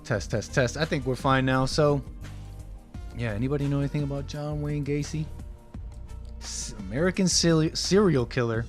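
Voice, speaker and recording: A man's voice: medium pitch, moderate pace, soft background music. A man in his twenties hosting a casual livestream, rambling and reading viewer messages aloud. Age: 20s. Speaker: livestream host.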